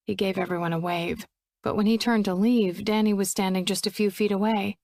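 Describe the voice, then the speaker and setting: A woman narrating a romance audiobook in a steady, even storytelling voice on a close studio mic. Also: medium pitch, brisk, no echo.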